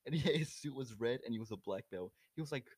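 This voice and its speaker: A man's voice: mid-range voice, animated, fast talker, a little mellow, husky, dry recording. A young man co-hosting a casual podcast, rambling with fillers and laughing often. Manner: mumbling, trailing fillers, goofy, laughs often. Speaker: podcast co-host.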